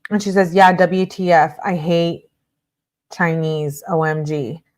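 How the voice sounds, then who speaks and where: A woman hosting a true-crime video, reading text messages aloud in a brisk way and breaking off for blunt asides of her own. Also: lowish voice, steady tone, darkish tone.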